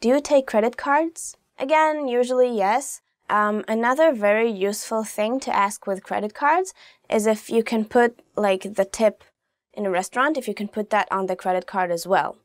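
A young woman hosting a casual video language lesson, chatty and laughing often, saying each phrase slowly and clearly. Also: on the high side, no room sound, clean studio sound. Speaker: language teacher, show host.

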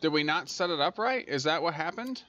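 Slightly high and a bit bright, this host's expressive voice moves a little fast, and the audio is dull. He plays a transport tycoon game in a casual let's-play, scolding it aloud when things go wrong.

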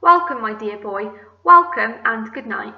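A woman's voice: on the high side, animated, unhurried, roomy sound, distant mic, phone-quality sound. A woman voicing a genteel female glowworm in a storybook, cool and prim in manner. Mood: sweet. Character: haughty then kindly female glowworm.

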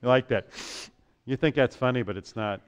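A man leading a children's message in church, playful and animated, singing and acting out moods for the kids. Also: medium pitch, moderate pace, clean tone, muffled recording. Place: church sanctuary.

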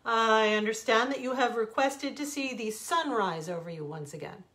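A woman voicing a kind man who paints the sunrise, in a storybook fable, speaking gently with small hesitations. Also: on the high side, moderate pace, close to an everyday voice.

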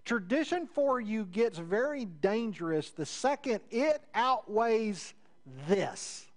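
A man preaching a sermon in a conversational way, building up with rising emphasis and then dropping into low, quiet asides. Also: expressive, slow pace. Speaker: pastor.

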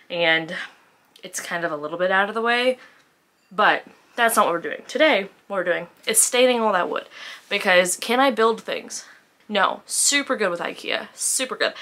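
A woman's voice: medium pitch, pushed and bright. A woman book vlogger in casual chat, rambling through her day with self-deprecating asides.

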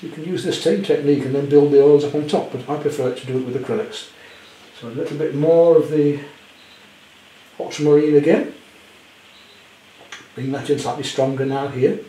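A man demonstrating a painting at home, chatty with gentle self-deprecating humour. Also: on the high side, fairly even intonation, moderate pace, roomy sound, slight background noise, poor audio. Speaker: art teacher. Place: indoor studio at home.

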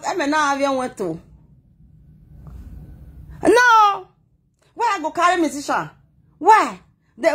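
A woman vlogger tells a story in Nigerian Pidgin, dramatic and emotional with a scolding edge, in an animated gist monologue. Her voice sits high and sounds fairly bright.

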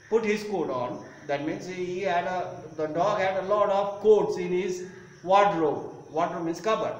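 A male teacher who explains a story in an online class, repeating phrases and defining words. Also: high-pitched. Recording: echoey room with faint noise.

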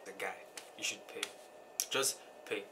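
A young man as a guest in a casual chat, earnest and halting, restarting his sentences. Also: lowish voice, sharp tone. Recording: clear background noise.

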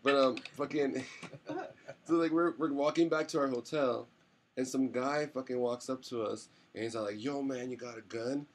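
A man co-hosting a podcast tells a wild story with lots of swearing. He acts out the other people's lines as he goes. Steady hiss sits clearly under the voice. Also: mid-range voice, moderate pace. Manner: animated, swearing, acts out quotes. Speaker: podcast co-host. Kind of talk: casual storytelling chat.

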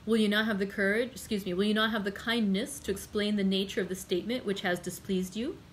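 A woman's voice: mid-range voice, steady tone, fast talker, a little hiss or hum, lightly acted, low-quality recording. A woman reading the part of a friendly male journalist who speaks mildly and courteously in a storybook reading. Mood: calm. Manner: mild, courteous, reasoning.

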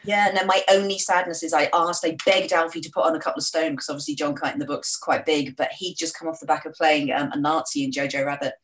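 A woman's voice: deep voice, steady tone, fast, few pauses, rough recording. Chatty self-mocking woman author. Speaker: author guest. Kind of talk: casual interview chat.

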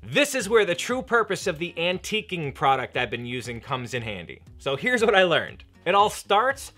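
Young male craft host, enthusiastic and slangy, lively pitch. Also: normal speed, soft background music. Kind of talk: narrated leathercraft tutorial.

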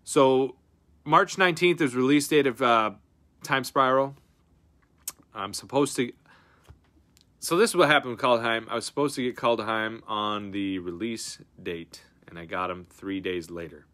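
Male stream host, excitable and slangy, bright forward tone, swings loud to hushed. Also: mid-range voice, measured pace. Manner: excitable, swings from loud outbursts to breathy mutters; slangy, says dude and bro a lot. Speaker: card-breaking stream host. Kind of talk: casual live-stream chat.

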